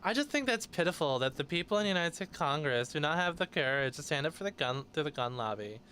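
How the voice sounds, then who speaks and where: A man's voice: a little high, lively intonation, quick pace, sharp tone, a little hiss or hum. A man doing a mocking valley girl impression of a preachy female politician. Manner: mocking parody.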